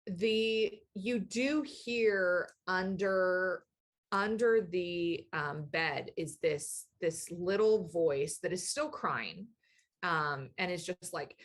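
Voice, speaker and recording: A woman runs a tabletop game with a lowish voice at an unhurried pace. She narrates thoughtfully and pauses often with fillers. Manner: slow, thoughtful, many fillers. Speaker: game master.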